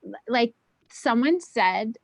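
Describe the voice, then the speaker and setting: A woman chatting as a guest on a video call, rambling with lots of "like" and "um" and at times dropping her voice to a hush. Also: fairly high pitch, expressive, takes it slowly, creaky, no room sound, low-quality recording. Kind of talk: casual video call chat.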